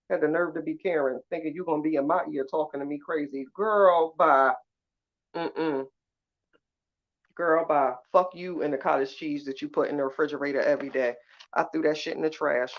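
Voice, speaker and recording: Sassy woman live streaming, talks blunt and cusses a lot, kinda dull lo-fi sound. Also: low voice. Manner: sassy, blunt and profane, laughing often. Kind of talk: casual live chat with viewers.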